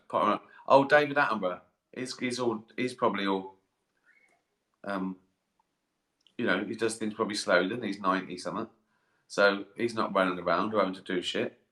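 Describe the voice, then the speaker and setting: A sleepy middle-aged man rambles and swears through a casual live stream, chuckling as he goes. His voice is bright and forward. The sound bounces around a tiled bathroom. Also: fairly low pitch. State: tired and sleepy. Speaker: comedian hosting a live stream. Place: in a bath, bathroom. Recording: echoey bathroom.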